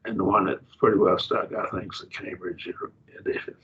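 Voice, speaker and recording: An older man leads a Bible study lecture in a low, gravelly voice. He talks in an unhurried, halting way, pausing on fillers and restarting his phrases. The recording sounds dull and lo-fi. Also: fairly even intonation, a little hiss or hum. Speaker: Bible class teacher.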